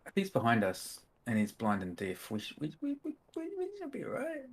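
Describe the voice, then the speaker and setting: A player in a tabletop game, thinking aloud hesitantly with pauses and restarts. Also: medium pitch, wildly swooping pitch. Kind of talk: casual tabletop game chat.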